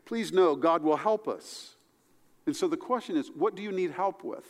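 An animated male pastor preaching a sermon in a church hall with a long, ringing echo. His voice sits a little high for a man. He climbs for emphasis and then drops low and soft. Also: normal speed.

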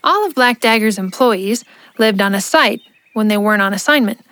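A woman narrating an audio drama in a measured, expressive reading. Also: mid-range voice, no echo, soft background music. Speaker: narrator and ad host.

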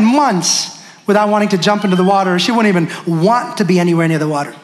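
Male pastor, high voice, lively storytelling sermon, roomy echoey sound. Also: quick pace. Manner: animated, addresses the congregation directly. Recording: echoey room.

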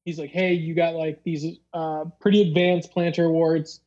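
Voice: mid-range voice, level tone, moderate pace, mellow, muffled recording. A podcast host telling a long story in casual chat, rambling with lots of fillers and acting out the other people's lines. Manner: rambling, filler-heavy, acts out dialogue.

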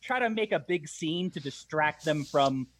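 A man's voice: fairly high pitch, expressive, normal speed, fairly bright tone. A man playing a tabletop game, talking casually and rambling with many likes. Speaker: player.

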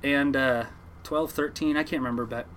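A man's voice: mid-range voice, steady tone, normal speed, a bit bright, a little hiss or hum. A man, a fisherman, telling a rambling story in a casual interview, with frequent restarts and fillers.

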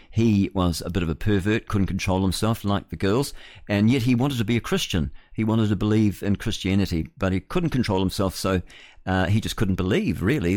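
A man's voice: lowish voice, darkish tone, dry recording, clean studio sound. A man with a New Zealand accent hosting radio talk, preaching in a rambling, earnest way with many restarts. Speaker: radio host.

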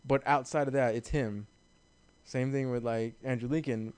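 A man's voice: mid-range voice, steady tone, normal speed, darkish tone, no room sound. A man co-hosting a casual podcast chat, loose and profane, laughing often as he talks. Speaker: podcast co-host.

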